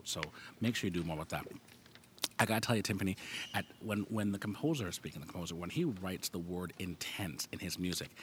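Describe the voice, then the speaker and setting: Deep fast-talking man giving band feedback. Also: slight background noise. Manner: sings rhythms aloud, repeats himself, frank and specific. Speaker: music festival adjudicator. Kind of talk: spoken feedback to a school band. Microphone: handheld microphone.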